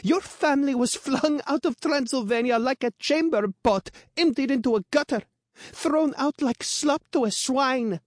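A haughty, sneering young noblewoman, put on by a male narrator in a storybook reading. The voice sits very high and has a thin, unfamiliar timbre, dripping with mockery. The recording is dry and close. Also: expressive, moderate pace, darkish tone, dry recording. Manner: sneering, mocking. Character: smug, spiteful noble teenage girl.

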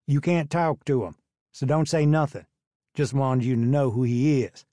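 A man voicing a loud, bossy teenage boy with a thick Southern US twang. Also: medium pitch, normal speed, dry recording, studio quality, lightly acted. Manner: bossy, snapping. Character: loud swaggering country teen boy.

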